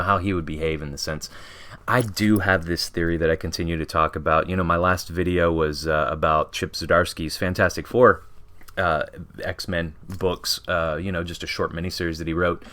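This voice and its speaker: A man's voice: deep voice, fairly even intonation, moderate pace, pushed and bright. A man reviewing comic books in a casual vlog, rambling with lots of "you know" fillers and frequent chuckles. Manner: chuckles often while talking.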